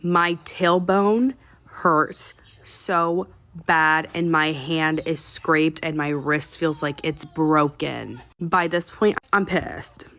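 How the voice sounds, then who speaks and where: A woman with a somewhat low voice tells a personal story to her viewers in a loose, chatty way. She sounds exasperated and swears freely, and she plays up her complaints for comic drama. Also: slow pace, fairly bright tone. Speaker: storytime vlogger. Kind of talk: casual storytelling.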